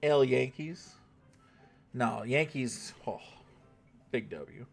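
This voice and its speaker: A man's voice: mid-range voice, drawn-out words, creaky, soft background music. Laid-back male game streamer. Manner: laid-back, chatty, swears casually. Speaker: gaming livestreamer. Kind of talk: casual live-stream chat.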